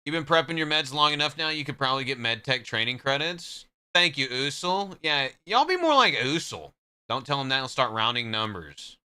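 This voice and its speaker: A man's voice: mid-range voice, sing-song, moderate pace, bright, forceful tone, clean tone. A man streaming live, trading joking, profane banter with his chat in casual talk.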